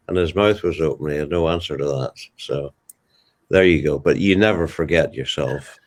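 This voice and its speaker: A man's voice: very deep voice, normal speed. An older man with a Ballymena Northern Irish accent, telling stories from his life as the guest in a casual interview, with fond asides. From Ballymena, Northern Ireland. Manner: warm anecdotal storyteller with fond asides. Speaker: guest, television broadcaster.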